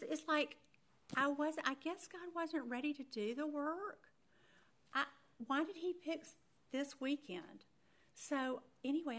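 A woman in her sixties teaching a Bible study class, telling a frank personal story with animated, self-deprecating humor. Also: high-pitched, normal speed. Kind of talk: candid personal testimony in a faith class.

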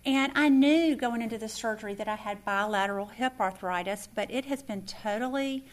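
A middle-aged woman teaching a faith lesson, telling a personal story with lively acted-out dialogue. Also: a little high, moderate pace. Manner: animated storyteller who acts out quoted dialogue. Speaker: Bible study teacher.

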